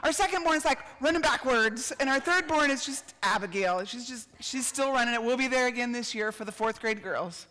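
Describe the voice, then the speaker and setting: A middle-aged woman tells stories in an animated sermon, throwing herself into acted-out quotes. Her voice is high and sharply bright. It carries a long reverb from a big hall. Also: fairly quick, hardly any pauses. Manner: animated, acts out quotes, laughs and shouts. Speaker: speaker at a church gathering. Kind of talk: storytelling sermon.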